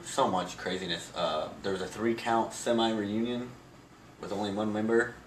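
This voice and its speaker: A man's voice: on the low side, steady tone, moderate pace, far from the mic. A man co-hosting a casual chat, recapping events in a rambling way with lots of fillers. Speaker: podcast co-host. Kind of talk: casual chat about wrestling. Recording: echoey room, off-mic, faint noise.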